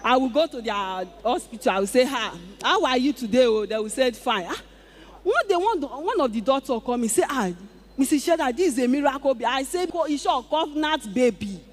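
A Nigerian woman tells her testimony to a congregation with lively, exclaiming energy. Her voice carries a long reverb from a large church auditorium. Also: sits high, brisk. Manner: animated, exclaiming, acts out dialogue. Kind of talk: emotional testimony before a congregation.

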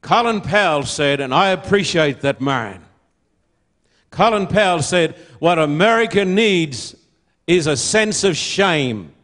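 A man's voice: fairly high pitch, lively intonation, slow pace, fairly bright tone. An older man preaching a sermon to an audience, emphatic and full of rhetorical questions.

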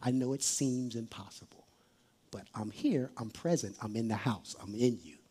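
A preacher voicing Jesus as a gentle comforter, speaking softly, hushing and reassuring. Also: medium pitch, pitched below the performer's own voice, natural voice. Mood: soothing, hushed. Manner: soft hushing, slow and soothing.

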